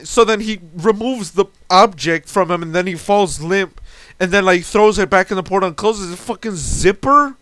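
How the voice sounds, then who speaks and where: High-voiced young man ranting in exasperation. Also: moderate pace, fairly bright tone, no room sound. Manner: exasperated, swearing, frequent restarts. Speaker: storyteller recounting a tabletop game. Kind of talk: ranting storytelling monologue.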